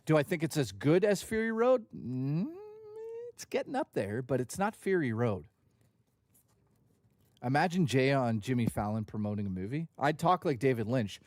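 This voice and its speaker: A man's voice: mid-range voice, very animated, normal speed, a little mellow, dry recording. A man hosting a livestream, talking in a casual, jokey and profane way. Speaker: livestream host.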